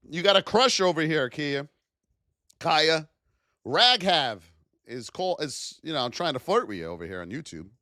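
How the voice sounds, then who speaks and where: A man streams live market commentary, reading out price levels in an energetic, playful way and teasing his viewers. His voice sits fairly high and rises and falls a lot. The sound is dry and close. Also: measured pace, long pauses, dry recording. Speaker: trading educator streaming live.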